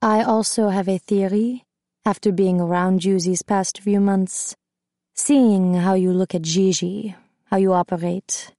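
A manipulative young male dancer hisses his accusations in a low, threatening whisper, as a woman narrator puts him on. He drawls each line slowly and tauntingly, in a mellow, dark tone. The sound is close and dry, with no room around it. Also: steady tone, no echo, lightly acted. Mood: accusing.

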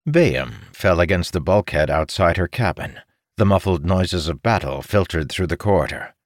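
A man narrating a fantasy audiobook in a steady, measured reading. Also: sits low, dry recording, clean studio sound.

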